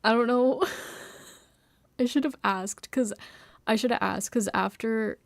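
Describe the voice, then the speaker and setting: A woman's voice: on the high side, slow pace, creaky, no room sound. A young woman chatting casually on a live stream from home, rambling, giggling and mocking herself, sometimes dropping to a whisper.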